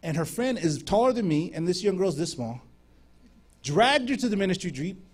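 A man preaching, telling a lively story and acting out the dialogue of the people in it. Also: sits high, normal speed, husky. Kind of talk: sermon storytelling.

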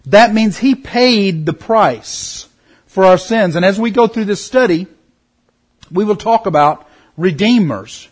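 A middle-aged man teaching a Bible study in an earnest way, slowing down to stress key words. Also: high voice, expressive.

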